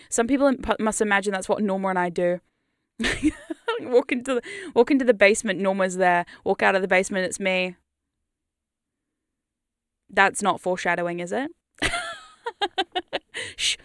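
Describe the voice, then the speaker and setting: A woman's voice: mid-range voice, dry recording. Playful New woman, dry close mic. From New Zealand. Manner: rambling, playful, laughs often and swears freely. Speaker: hypnosis content creator and livestream host. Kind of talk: casual livestream chat. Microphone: studio condenser mic.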